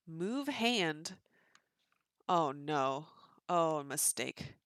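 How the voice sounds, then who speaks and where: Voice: mid-range voice, extremely slow, a bit bright, smooth, no echo, clean studio sound. A game streamer giving casual, self-mocking commentary and reading menus aloud while playing. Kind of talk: casual let's-play commentary.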